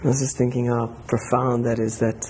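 A man's voice: medium pitch, little pitch movement, a little fast, a little mellow, slight background noise. A man giving an informal, enthusiastic talk at a church gathering. He rambles, restarts his sentences and laughs between them.

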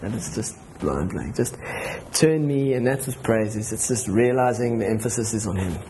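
A man's voice: fairly low pitch, lively intonation, normal speed, warm tone, a little hiss or hum. A man giving an informal, enthusiastic talk at a church gathering. He rambles, restarts his sentences and laughs between them.

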